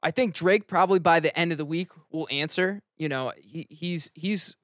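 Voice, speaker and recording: Measured man, slightly high, dry. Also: a bit bright, no echo. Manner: measured, explains his points. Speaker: podcast co-host. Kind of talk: casual chat.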